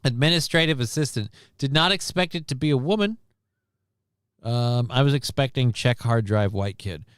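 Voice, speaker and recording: A man hosting a live stream who wanders off into sarcastic, rambling asides about the news. His voice is smooth and clean, and he sits close to the mic in a completely dead, dry space with no room sound. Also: mid-range voice, moderate pace, a bit bright, no room sound. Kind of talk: casual news commentary.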